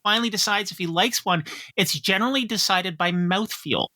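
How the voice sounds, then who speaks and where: A woman's voice: mid-range voice, a little fast, sharp tone. A woman co-hosting a podcast in casual, joking chat, rambling with restarts.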